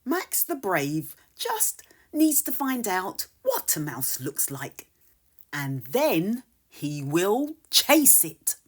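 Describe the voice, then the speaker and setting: Slow, soft-spoken woman reading aloud. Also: medium pitch, wildly swooping pitch, loud music behind the voice. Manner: soft, whispery storytelling. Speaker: storybook reader. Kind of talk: children's read-aloud.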